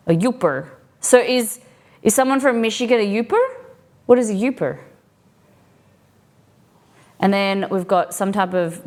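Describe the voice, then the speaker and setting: A woman streaming live, chatting casually with her viewers as she looks over a collection, curious and full of questions. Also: medium pitch. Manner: curious, asks many questions, excited exclamations. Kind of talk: casual unboxing chat with viewers.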